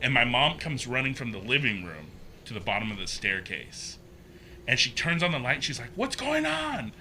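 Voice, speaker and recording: A man guest on a podcast, telling a personal story in a casual, animated way, acting out the voices he quotes and using plenty of fillers. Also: mid-range voice, brisk, slight background noise. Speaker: podcast guest, haunted maze builder.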